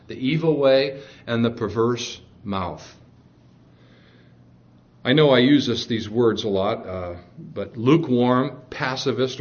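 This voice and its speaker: A man's voice: mid-range voice, dull audio. A man preaching a sermon in an earnest, emphatic way, with fillers and restarts.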